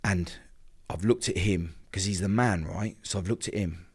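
A man's voice: low voice, normal speed, husky. A man, a podcast guest telling an emotional personal story and acting out the other people's lines as he goes. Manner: vivid storyteller who acts out quoted dialogue.

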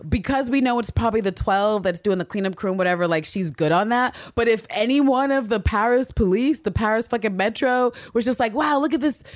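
A woman co-hosting a podcast, casually recapping a TV episode with lots of swearing and quick impressions. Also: fairly high pitch, no room sound, clean studio sound. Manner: profane, animated storytelling with quick impressions. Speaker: podcast co-host.

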